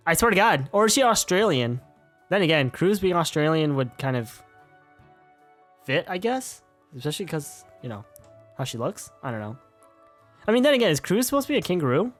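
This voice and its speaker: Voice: medium pitch, big pitch swings, moderate pace, pauses often, faint music behind. A streamer casually commenting on a game they are playing, swearing often, rambling and calling themself an idiot. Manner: swearing, rambling, self-deprecating.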